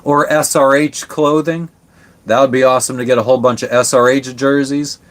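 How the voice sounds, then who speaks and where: A man's voice: mid-range voice, level tone, brisk, a bit bright. A man hosting a live stream from his sailboat, chatting casually with viewers, laid-back and rambling, swearing freely. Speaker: livestream host answering chat.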